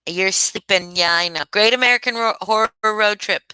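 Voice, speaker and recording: A woman's voice: mid-range voice, normal speed, pushed and bright, clean tone, dry recording, poor audio. A woman hosting a livestream from home, chatting casually with viewers by name. She is sleepy and yawning, and her talk rambles. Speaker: livestream host.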